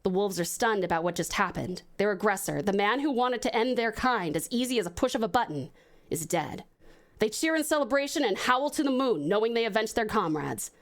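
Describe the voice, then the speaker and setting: A woman from Australia with an Australian accent, an expressive streamer reading viewer stories aloud and chatting effusively. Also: medium pitch, fairly quick. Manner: expressive, warmly effusive to chat. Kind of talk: dramatic storytelling reading.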